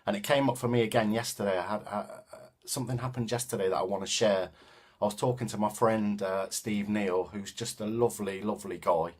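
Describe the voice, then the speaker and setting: Coventry guy talking things over, lowish voice, lots of ums and pauses. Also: fairly even intonation. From England. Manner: thoughtful, hesitant with many ums and restarts. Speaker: vlogger and self-defense teacher. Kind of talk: casual spoken reflection.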